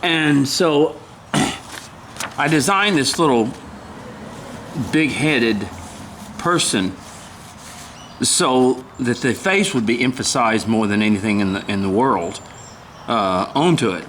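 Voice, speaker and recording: An older man giving a casual woodcarving demonstration, talking haltingly, often clearing his throat and apologizing. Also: medium pitch, expressive, a bit bright, a little hiss or hum. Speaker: woodcarving instructor.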